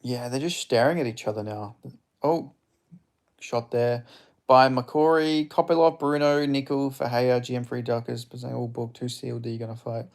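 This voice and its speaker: Gravelly young man streaming fight commentary. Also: medium pitch, fairly even intonation, normal speed. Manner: chatty, reacting to strikes, reading viewer chat aloud; blunt, swears freely. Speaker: streamer hosting a live fight watch-along.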